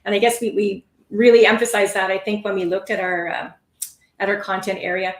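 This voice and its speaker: A woman giving a live online lesson on speaking skills, with a clear, encouraging teaching delivery. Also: mid-range voice, little pitch movement, fairly quick, reverberant. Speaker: test prep instructor.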